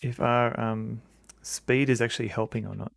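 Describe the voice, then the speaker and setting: A man talks his way through a computer game as he plays, thinking aloud in a hesitant way with restarts. His voice has a gravelly, creaky texture and sounds dry and close to the mic. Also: medium pitch, level tone, normal speed, dry recording. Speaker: streamer playing a game. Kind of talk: casual gameplay commentary.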